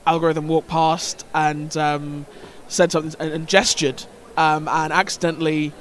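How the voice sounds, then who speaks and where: A man commentating a roller derby game, with a voice that sits a little high for a man. He speaks in halting bursts, packed with fillers and restarts. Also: little pitch movement, a bit bright, a little hiss or hum. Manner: hesitant, many fillers and restarts. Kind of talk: sports commentary with anecdote.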